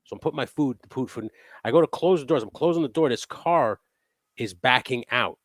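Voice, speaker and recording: A man hosting a casual live chat from his workshop, telling profane, animated stories. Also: mid-range voice, a little fast, dry recording. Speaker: host. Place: home workshop.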